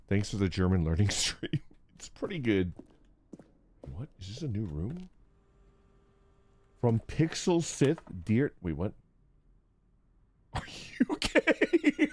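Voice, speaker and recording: Slow, animated streamer groaning at a game. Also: mid-range voice, slight background noise. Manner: loud groaning outbursts and halting reading aloud. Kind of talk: casual live-stream chat while gaming.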